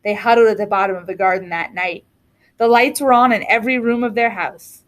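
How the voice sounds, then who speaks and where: A woman reading a children's storybook aloud with an expressive, lilting delivery. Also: medium pitch, brisk. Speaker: reader.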